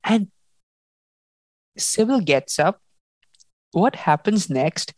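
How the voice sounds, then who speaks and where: A young woman in casual book chat, animated and laughing often as she acts out lines. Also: medium pitch, very slow, no echo. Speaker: book discussion host.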